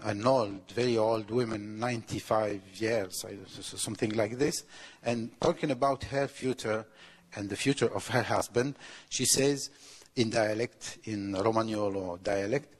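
Slow, halting man in a reverberant hall. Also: fairly low pitch. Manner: halting, many fillers and restarts, mixing English and Italian. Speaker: author answering audience question. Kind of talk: hesitant Q&A answer. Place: college lecture hall.

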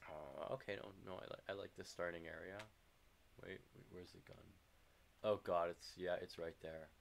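A man streaming a video game, commenting live and swearing in loud frustrated outbursts. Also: deep voice, fairly even intonation, normal speed, vocal fry, a little hiss or hum.

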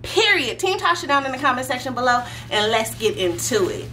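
A young woman hosting a prank vlog, talking in an animated, sing-song, slangy way. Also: high voice, fairly quick, a little hiss or hum. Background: loud background music.

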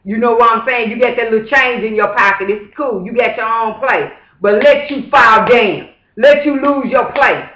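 A man's voice: very high voice, normal speed, hardly any pauses, bright, forceful tone. A man talking straight to camera in a casual, preachy vlog monologue, emphatic and fervent, with repeated rhetorical asides. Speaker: vlogger. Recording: roomy echo.

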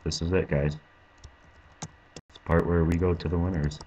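A young man commentating his own gameplay, frustrated and swearing, with sudden angry yells. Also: sits low, little pitch movement, moderate pace, dull audio, a little hiss or hum. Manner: frustrated, swearing, bursts into yelling. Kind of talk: let's play commentary.

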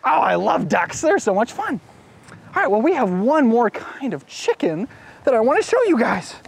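This man's voice is extremely high, creaky and husky, at a normal speed. He's hosting a children's program outdoors at a farm pen, excitedly gasping and making sing-song animal noises for the young kids he's talking to.

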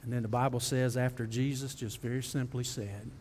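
A man preaching a sermon as pastor, folksy and direct with the congregation, building to impassioned high preaching. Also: fairly even intonation, fairly quick, a little mellow, long reverb tail, a little hiss or hum. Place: church sanctuary.

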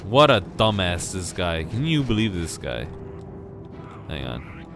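Guy playing a game and talking slow, yelps and mutters, swoopy voice. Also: low-pitched, soft background music. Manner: excitable yelps and shouts between muttered asides. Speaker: gameplay commentator. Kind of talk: casual let's play commentary.

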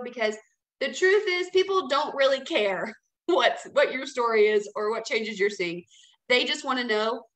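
A woman's voice: high-pitched, animated, unhurried, sharp tone, echoey room, rough recording. A woman leading a casual training talk, chatty and encouraging, often checking in with "okay?". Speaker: team leader training new sellers.

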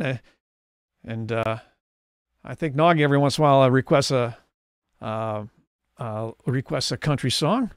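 This live-stream lounge act features a man crooning tunes, then chatting loosely with his audience and laughing a lot in between. He speaks with a fairly high pitch. Sound is studio quality without any echo.

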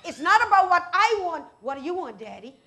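A woman preacher with a high voice delivers an animated sermon. She bursts into loud scripture quotes and turns aside to talk to her congregation. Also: fairly quick.

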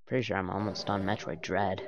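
A man's voice: deep voice, little pitch movement, a little fast, background noise. A man in a put-on British accent gives rambling let's-play commentary and talks to the enemies on screen. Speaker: gamer. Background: game music.

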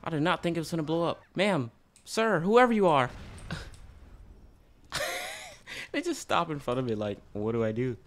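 A man giving casual, excitable gameplay commentary as a gaming YouTuber, often breaking into loud laughter. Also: fairly high pitch, measured pace, pauses often.

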